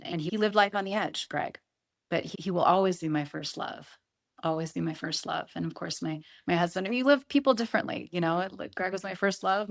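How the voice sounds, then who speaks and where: A middle-aged woman speaking earnestly as an interview guest, often repeating herself and quoting her own thoughts. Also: deep voice. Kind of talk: emotional interview conversation.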